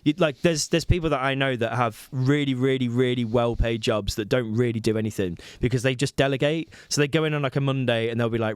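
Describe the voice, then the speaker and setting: A man's voice: medium pitch, steady tone, brisk, hardly any pauses, clean tone, no echo. Rambling man on a dry close mic. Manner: rambling, hesitant, jokey. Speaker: podcast co-host. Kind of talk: casual comedy chat.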